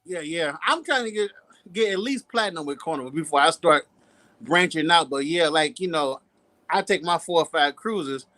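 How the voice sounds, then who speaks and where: A man's voice: a little high, animated, moderate pace, sharp tone, no echo. A man talking as a guest on a show, in an easygoing, friendly way. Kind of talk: casual chat.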